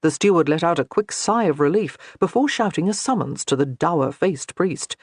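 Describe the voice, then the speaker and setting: A man narrating a historical romance audiobook in an expressive storytelling manner. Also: a little high, normal speed, breathy edge, no room sound, clean studio sound. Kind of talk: scripted narration.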